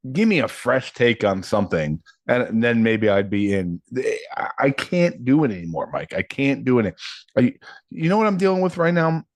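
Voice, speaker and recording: A man in his thirties co-hosting a casual podcast, his pitch swinging widely as he tells stories. He acts out quotes and laughs often. The recording is close and dry, with no room sound. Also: no room sound. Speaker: podcast co-host.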